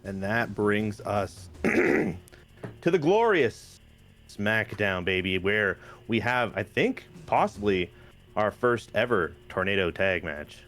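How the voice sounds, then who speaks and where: A man's voice: fairly low pitch, expressive, takes it slowly, a bit bright, faint music behind. A man hosting a game playthrough, narrating the story in a hyped, playful way. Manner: hyped, playful, says "baby" a lot. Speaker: host. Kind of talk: casual game commentary.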